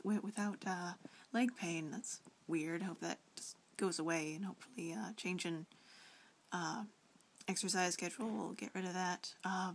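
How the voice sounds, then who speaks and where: A woman's voice: medium pitch, husky. A young woman vlogging a casual reply to a friend, rambling with lots of fillers and restarts, often giggling.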